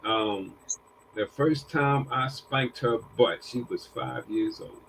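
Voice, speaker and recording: A man's voice: mid-range voice, slow, vocal fry, noisy background. An older man casually telling family stories, acting out what people said and repeating phrases as he goes. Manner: acts out quoted dialogue with a raised voice. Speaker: panel guest. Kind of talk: casual storytelling.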